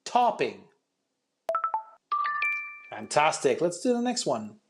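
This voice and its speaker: A man with a fairly high voice walks learners through an online pronunciation lesson. He is chatty and encouraging, and he explains things step by step with plenty of ums. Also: animated, measured pace, loud music behind the voice. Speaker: English pronunciation teacher.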